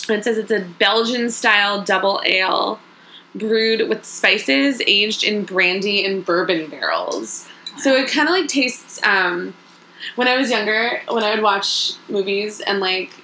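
A woman's voice: medium pitch, sharp tone, echoey room, a little hiss or hum, low-quality recording. A woman from New York co-hosting a podcast in casual chat, rambling with amused asides and many fillers. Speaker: podcast co-host.

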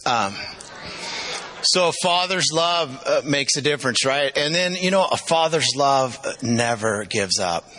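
A man's voice: medium pitch, expressive, measured pace, pushed and bright, slight background noise, rough recording. A middle-aged man preaching a sermon, telling personal stories with emotional, repetitive emphasis. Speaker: pastor.

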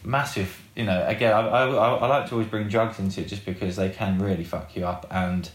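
A man's voice: on the low side, brisk. A man, a rock guitarist being interviewed, who rambles casually with lots of fillers and swearing. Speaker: guest, rock band guitarist. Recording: roomy echoey room.

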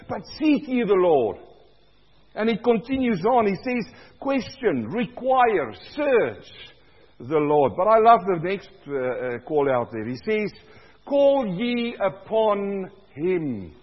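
A male pastor preaching a sermon, swinging between loud cries and low, quiet stretches, with a husky voice. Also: big-room sound, highs cut off.

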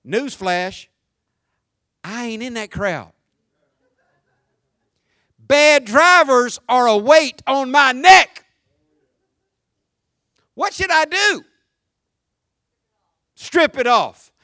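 A man preaching a sermon as pastor, folksy and joking, swinging from shouts down to quiet, low talk. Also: animated, very slow, long pauses, smooth, no room sound, studio quality. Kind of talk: conversational sermon.

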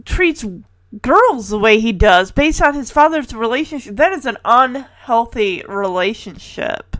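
High, giggly woman recapping a show. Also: animated, measured pace, fairly bright tone, no room sound. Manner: chatty, giggly, quoting characters in playful voices. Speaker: podcast host recapping a sitcom episode. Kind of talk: casual chat.

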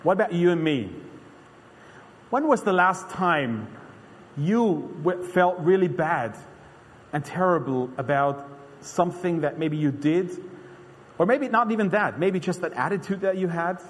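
A man's voice: high-pitched, animated, measured pace, pauses often. Earnest preacher man in a reverberant hall. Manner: earnest, conversational, frequent restarts. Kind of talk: sermon.

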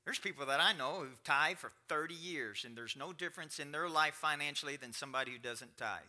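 A man's voice: on the high side, brisk, pushed and bright. A middle-aged man pastor giving a sermon, chatting plainly with the congregation and then building up to emphatic preaching. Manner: conversational, swinging to rising emphatic preaching.

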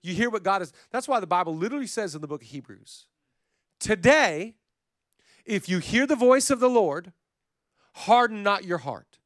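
A preaching pastor with a high voice for a man, recorded dry with little room sound. He moves between hushed, intimate stretches and loud, emphatic calls to his listeners. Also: lively intonation, normal speed, pauses often, dry recording. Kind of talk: sermon. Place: church stage.

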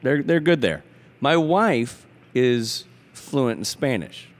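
A man co-hosting a casual podcast chat, a father telling jokey, animated stories about his kids. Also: mid-range voice, slow pace. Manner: joking storyteller, animated asides. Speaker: guest co-host.

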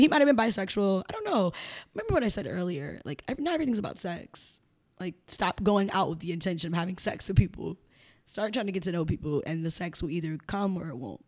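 A woman's voice: medium pitch, very animated, fairly quick. A young adult woman speaking as a podcast guest, talking frankly and bluntly and laughing often. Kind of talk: candid conversational interview.

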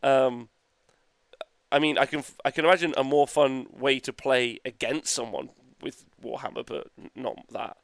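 Rambling, excitable man on a podcast. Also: mid-range voice, normal speed, creaky, no echo. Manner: enthusiastic, rambling, laughs often, swears casually. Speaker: podcast co-host. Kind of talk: casual chat.

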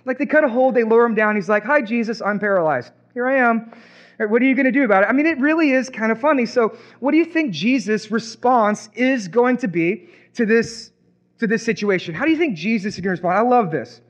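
A man preaching a sermon as pastor, animated and acting out imagined reactions. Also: very high voice, fast talker, lo-fi sound.

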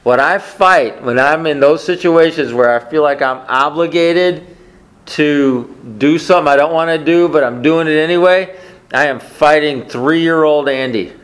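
A man's voice: fairly high pitch, unhurried. A man preaching a conversational sermon, often asking the congregation questions. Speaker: pastor.

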